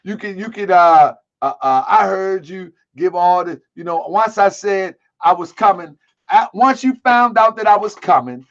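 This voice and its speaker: A man hosting an online commentary show, talking in a heated, repetitive way with streetwise slang. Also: sits high. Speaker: host. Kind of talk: casual commentary. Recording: dull lo-fi sound.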